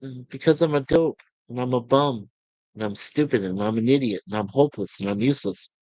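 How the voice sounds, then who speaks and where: A man doing a scruffy young crewman who runs himself down, in a low, laid-back voice for a fan retelling. The delivery is close and dry. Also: brisk, darkish tone, no room sound, close to an everyday voice. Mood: glum. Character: scruffy, self-mocking young male crewman.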